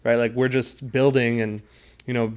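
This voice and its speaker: A man as an interview guest, explaining things earnestly in a measured way about his team. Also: medium pitch, flat delivery, a little mellow, clear, resonant tone. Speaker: guest, sales team leader. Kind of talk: casual interview chat.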